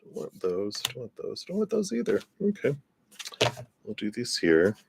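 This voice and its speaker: A man's voice: medium pitch, wildly swooping pitch, measured pace, vocal fry, background noise. A man giving a live-stream tarot reading in a laid-back, rambling way, often laughing and trailing off. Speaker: tarot reader.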